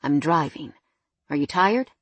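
A woman narrator puts on a deep-voiced, self-assured fiancé from an audiobook romance, who teases and gives orders. The voice is low, a little breathy and close, with no room sound at all. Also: animated, unhurried, fairly bright tone, no echo, exaggerated voice. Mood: teasing. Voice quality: deep, teasing and commanding.

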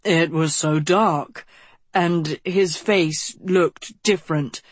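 A woman's voice: deep voice, steady tone, a little slow, dry recording. A woman voicing a brash young prince who stammers when flustered and snarls when angry.

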